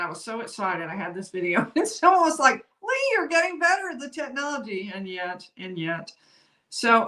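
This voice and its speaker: A woman's voice: medium pitch, bright, forceful tone. A woman giving chatty legal commentary on a live stream, laughing easily and apologizing for tech slips. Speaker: lawyer commentator. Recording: roomy echo.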